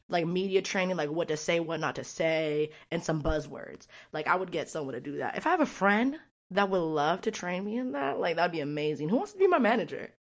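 A woman hosting a podcast in a casual, rambling monologue, candid and blunt, with constant "like" fillers. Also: on the low side. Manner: candid, rambling, heavy use of "like"; blunt and outspoken. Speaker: podcast host.

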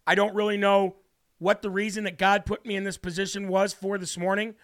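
A man's voice: high voice, level tone, brisk. A man hosting a political talk show, speaking brashly and preachily, then telling a story from his morning. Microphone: studio mic.

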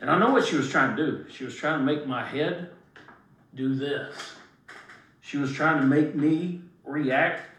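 A man telling a story as a guest in casual talk, emphatic and animated, swearing freely. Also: a little high, a little slow, slight background noise. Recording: roomy, distant mic.

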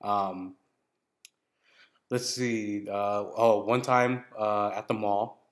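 A man co-hosting a podcast, telling a story in casual chat, swearing freely and breaking into high laughter. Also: very slow. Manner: swearing, animated retelling with bursts of high laughter. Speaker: podcast co-host.

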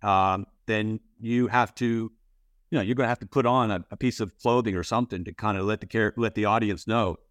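Male interviewer, low voice, rambling and candid, dry close sound. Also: steady tone, a little fast, no echo. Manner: rambling, full of "you know" and restarts; candid, swears casually. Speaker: interviewer, playwright and actor. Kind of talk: casual interview talk.

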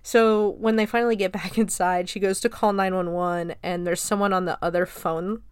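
A woman's voice: medium pitch, fairly even intonation, normal speed, smooth, no echo, clean studio sound. A woman in her late twenties recapping a film in a casual, chatty way, swearing freely, laughing often and filling her talk with "like.". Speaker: film reviewer.

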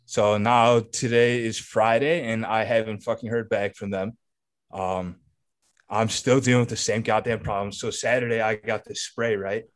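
A man with a somewhat low voice co-hosts a casual podcast. He tells a long, rambling story, peppered with curses and filler words. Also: level tone, normal speed. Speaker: podcast co-host.

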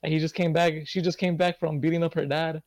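A man's voice: on the high side, little pitch movement, fast talker, dry recording. A young man co-hosting a casual podcast, telling rambling stories and swearing a lot. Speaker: podcast co-host.

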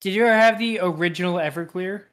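A young man co-hosting a podcast, chatting in a relaxed way with many hesitations. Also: high-pitched, quick pace. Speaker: podcast co-host. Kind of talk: casual chat.

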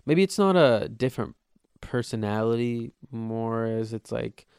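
A man's voice: mid-range voice, expressive, measured pace, gravelly, darkish tone, clean tone, no echo, clean studio sound. A young man hosting his own podcast, rambling casually and swearing, joking at his own expense. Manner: rambling, profane, self-mocking. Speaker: podcast host. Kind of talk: casual solo podcast monologue.

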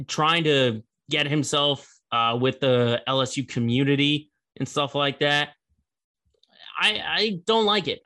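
Young guy riffing on college football news, casual and rambly, bright tense tone. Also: a little high. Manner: chatty, rambling, laughs at the story. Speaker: sports show host. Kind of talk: casual sports commentary.

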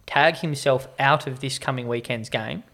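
A man's voice: mid-range voice, normal speed, gravelly, a bit bright. A man co-hosting a podcast, needling his friend with mock-serious questions. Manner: teasing, mock-serious interviewer. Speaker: podcast co-host. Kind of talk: casual chat.

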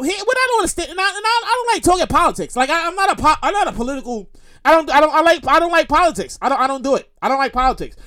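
A man hosting his own comedy show, rambling and repeating himself, with animated outbursts. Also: very high voice. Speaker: podcast host. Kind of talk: comedic solo monologue.

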